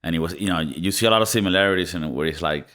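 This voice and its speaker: A man co-hosting a casual movie review podcast, talking in an animated way and slipping into mock accents. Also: low-pitched, very fast. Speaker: podcast co-host.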